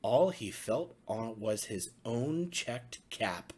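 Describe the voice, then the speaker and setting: Slow, breathy pastor reading a bedtime story. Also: male voice, mid-range voice. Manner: expressive, sing-song storytelling.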